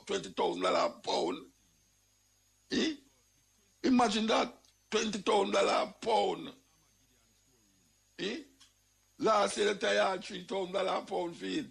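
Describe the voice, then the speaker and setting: An older man with a Jamaican accent talking in a casual, animated monologue, exclaiming and repeating his phrases. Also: a little high, vocal fry. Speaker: radio talk host.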